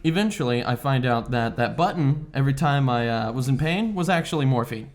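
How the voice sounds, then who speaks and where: A man in the middle of a casual beer-fueled podcast chat, telling a story in a profane, animated way. His voice sits at an ordinary pitch for a man. He jumps into the voices of the people in his story. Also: brisk. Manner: profane, animated storyteller who acts out quotes. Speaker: podcast host. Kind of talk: casual storytelling over beers.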